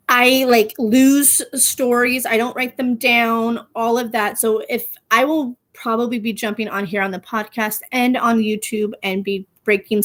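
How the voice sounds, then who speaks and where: A woman in her thirties hosting a casual pop culture podcast, chatty and animated, laughing often and using playful slang. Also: fairly high pitch. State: gets out of breath walking, pregnant. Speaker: podcast host.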